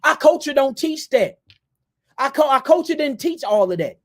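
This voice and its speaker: High voiced guy ranting at his viewers, preachy and fired up, keeps saying y'all. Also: expressive, normal speed. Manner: fiery, preachy, ranting, repeats himself; addresses listeners as family and y'all. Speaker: host. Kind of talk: impassioned lecture to viewers.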